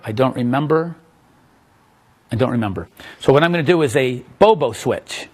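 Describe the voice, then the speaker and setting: A man's voice: fairly high pitch, husky. A middle-aged man, a magician, casually walking someone through a coin trick, chatty and self-interrupting.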